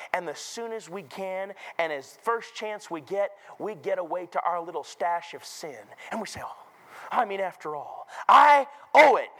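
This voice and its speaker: A man preaching a revival sermon as a visiting preacher in a church, dramatic, acting out the voices he quotes, swinging from low murmurs to shouted peaks. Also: poor audio. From North Carolina. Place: church sanctuary.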